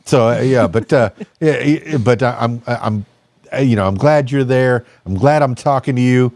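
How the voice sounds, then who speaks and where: A man's voice: mid-range voice, moderate pace, darkish tone, dry recording. A man hosting a podcast interview, chatting casually with a lot of fillers and jokes. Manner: rambling, jokey, many fillers. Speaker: podcast host.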